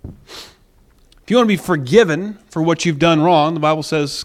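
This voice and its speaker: A man preaches a sermon with a high voice for a man. He is emphatic and repeats phrases for weight, slipping into quoted voices as he goes. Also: a little fast. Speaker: pastor.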